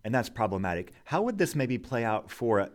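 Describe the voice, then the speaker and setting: A man co-hosting a podcast, explaining scripture in a measured, unhurried way. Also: mid-range voice, very animated. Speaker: podcast co-host. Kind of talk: casual Bible discussion.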